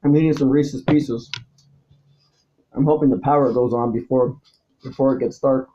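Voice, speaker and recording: A man talking alone to the camera, swinging between low mutters and loud, angry, profane outbursts and repeating himself. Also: fairly even intonation, normal speed, lo-fi sound. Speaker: vlogger. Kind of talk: rambling solo monologue to camera.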